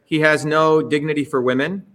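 A man hosting a political livestream, giving a heated, profane speech that rises to shouts. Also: on the high side, steady tone, moderate pace. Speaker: host.

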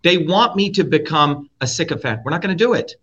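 A man from India, a guest in a heated interview, talking bluntly and forcefully, swearing and repeating his points. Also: fairly high pitch, expressive, fairly quick, slightly rough. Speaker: guest, presidential candidate. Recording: dull lo-fi audio.

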